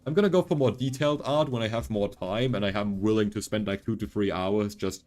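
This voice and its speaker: A man's voice: fairly low pitch, a little fast, darkish tone, faint music behind. A man who learned English as a second language, streaming a game and chatting casually while he thinks aloud, rambling and full of fillers. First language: not English. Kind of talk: casual gaming stream chat.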